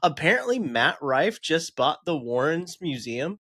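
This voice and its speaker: A man's voice: fairly high pitch, big pitch swings, measured pace, sharp tone, breathy edge. A man co-hosting a podcast, chatting casually, laughing often and swearing freely. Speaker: podcast co-host.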